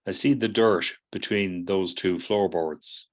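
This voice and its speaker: A man's voice: sits low, steady tone, slow pace. A middle-aged man teaching psychotherapy students, explaining patiently, often checking in with "do you see?" and acting out people's replies. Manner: acts out students' replies in quoted voices. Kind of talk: lecture to students.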